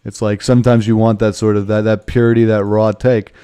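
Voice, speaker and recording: A man's voice: lowish voice, flat delivery, brisk, mellow, smooth. A man streaming a video game, rambling and joking in casual commentary, swearing freely and calling people man. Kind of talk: casual let's-play commentary.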